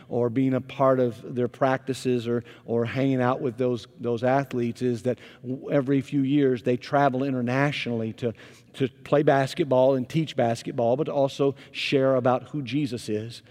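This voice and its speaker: A man, a pastor, preaching a sermon as an animated storyteller whose volume rises and falls. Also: medium pitch, moderate pace. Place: church sanctuary. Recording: long reverb of a large hall.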